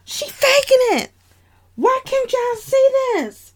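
A woman doing a loud, mocking young sister. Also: very high-pitched, big pitch swings, slow pace, voice pushed up, exaggerated voice. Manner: loud, taunting, cursing.

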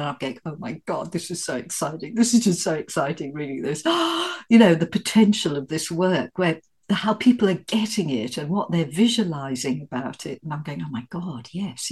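A woman's voice: lowish voice, slightly rough. A woman in casual podcast chat, telling stories expressively and laughing as she talks. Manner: expressive, laughing storyteller, swearing freely.

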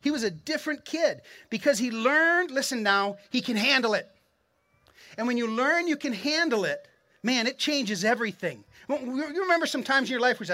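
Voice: medium pitch, expressive, a little fast, bright, forceful tone. A pastor giving an earnest, encouraging sermon in a conversational way, talking straight to the congregation and often repeating words as he restarts a thought. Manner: earnest, conversational preaching with frequent word repeats; encouraging, addresses the congregation directly.

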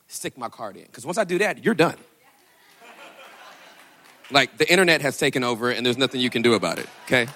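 A man preaching a sermon, telling a story with animated delivery and acting out quotes in a raised voice. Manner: animated, acts out quotes with big pitch jumps. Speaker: pastor.

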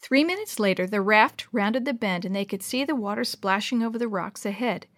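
A woman reading a children's adventure story aloud, lively, changing her voice for each child and dropping to a hush for the whispered parts. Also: mid-range voice, a little fast, no echo, clean studio sound. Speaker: storybook narrator.

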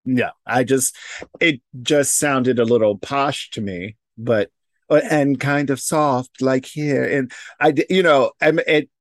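A man's voice: mid-range voice, slow, no echo, clean studio sound. A man co-hosting a casual podcast chat, hesitant, with frequent restarts. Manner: hesitant, many restarts and fillers. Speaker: podcast co-host.

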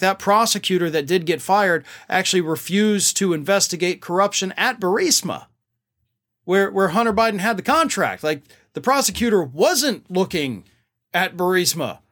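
A man's voice: high voice, lively intonation, moderate pace, fairly bright tone. A man hosting a political commentary show, talking in a sarcastic, exasperated way. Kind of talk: opinionated commentary monologue.

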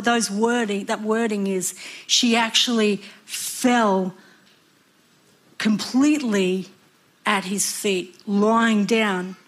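A woman preaching a sermon, earnest and expressive, sometimes acting out the voices of people in her story. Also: medium pitch. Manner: expressive, acts out voices and cries.

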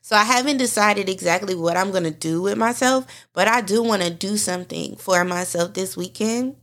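A woman's voice: medium pitch, moderate pace, fairly bright tone. A woman hosting a podcast, speaking heartfelt and candid, addressing her listeners directly in a personal monologue. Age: adult mother. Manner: heartfelt, talks straight to listeners. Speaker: podcast host.

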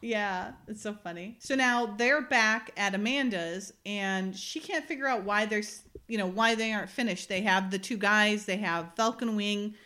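A woman's voice: mid-range voice, normal speed, few pauses, sharp tone. A woman co-hosting a casual chat, retelling a TV episode in a chatty, storytelling way with lots of filler words. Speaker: podcast co-host recapping a TV episode.

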